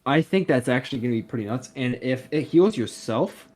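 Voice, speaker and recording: A man's voice: medium pitch, animated, fairly quick, a little mellow. A man who is a guest on a casual gaming podcast, with a mid-range voice. He talks eagerly, filling his sentences with "like" and "you know.". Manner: filler-heavy, enthusiastic, lots of "like".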